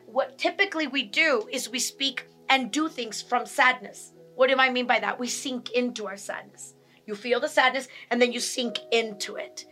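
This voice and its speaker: A woman's voice: sits high, pushed and bright. A woman giving a teaching talk on handling emotions, repeating key points and acting out angry and sad examples. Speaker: speaker on emotional health.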